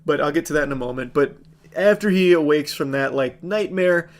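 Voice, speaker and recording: A man in his thirties rants through a movie recap in a slightly high voice. He sounds exasperated and sarcastic, swearing freely as he picks the film apart. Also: fairly quick. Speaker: movie reviewer. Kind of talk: ranting movie review commentary.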